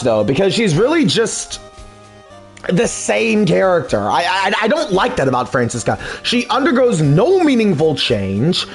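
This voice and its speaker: An excitable young man rants through casual let's play commentary, swearing freely. His voice is high and swings widely in pitch. Faint music plays behind him. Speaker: let's play host dubbing a game.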